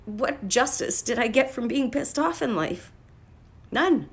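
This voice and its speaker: A woman's voice: a little high, big pitch swings, normal speed. Blunt, profane woman coach on a livestream. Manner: blunt and profane, swings into loud emphatic bursts. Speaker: life coach. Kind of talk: casual motivational livestream talk. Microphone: phone livestream.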